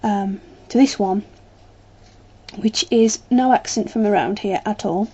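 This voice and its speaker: A woman's voice: mid-range voice, unhurried, darkish tone, breathy edge. A woman with a British English accent chatting casually to camera as a vlogger, rambling a little with plenty of ums.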